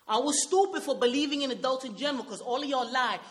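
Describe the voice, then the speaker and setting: A woman's voice: high voice, quick pace, close to an everyday voice. A woman playing a tough young Nuyorican man. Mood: bitter. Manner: tough, confrontational street talk mixed with Spanish. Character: streetwise young Puerto Rican man from Brooklyn, hardened and bitter. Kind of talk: dramatic monologue.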